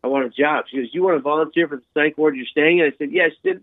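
A man recounts his story for an interviewer, animated and full of restarts and repeated words. His voice sits a little high. The sound is dry and thin, like a phone line. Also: racing, hardly any pauses, dry recording. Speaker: guest sharing his life story.

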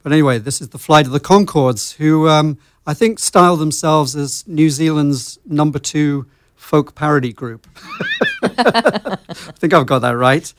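A man's voice: a little high, animated, a little slow. A man introducing a song on the radio, loose and hesitant with an amused tone. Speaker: radio host.

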